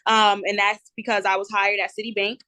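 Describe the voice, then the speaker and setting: A woman's voice: medium pitch, fairly quick, no echo. Young woman with a New Jersey accent. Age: 20s. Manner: lively, candid, lots of "um" and "you know". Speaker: guest entrepreneur. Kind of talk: casual interview chat.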